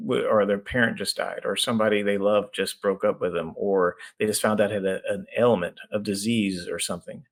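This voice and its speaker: A middle-aged man, an executive coach guesting on a podcast, explaining his ideas through lively stories and acted-out voices. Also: lowish voice, brisk, hardly any pauses. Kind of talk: conversational storytelling.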